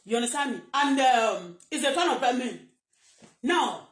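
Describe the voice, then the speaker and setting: A woman's voice: high voice, expressive, normal speed. A woman with a Nigerian accent on a live stream, rambling and agitated, repeating herself and switching into Yoruba at times. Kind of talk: emotional live-stream monologue. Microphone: phone. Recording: echoey room.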